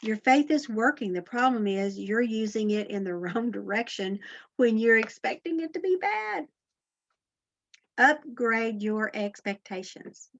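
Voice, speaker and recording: A woman delivers an inspirational faith talk in a fairly high voice. She is earnest and encouraging and keeps asking her listeners questions. The recording sounds dull and lo-fi. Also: expressive, measured pace. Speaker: Christian motivational speaker.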